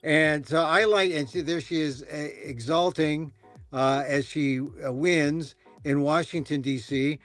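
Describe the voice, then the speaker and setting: A man hosting a casual talk show, rambling and animated, with many restarts. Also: a little high, a little slow, dry recording, faint music behind. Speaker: podcast host. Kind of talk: casual chat.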